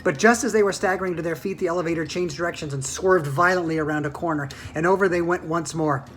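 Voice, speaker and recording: A woman reading a children's book aloud in an animated, expressive way. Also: on the low side, fast, slight background noise. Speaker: storyteller.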